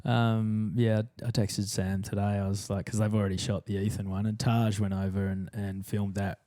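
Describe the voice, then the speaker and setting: A surf commentator appearing as a guest in a podcast studio tells stories with gusto, swearing and acting out the other voices. His voice is on the low side, mellow and dark, with a relaxed, warm sound at a moderate pace.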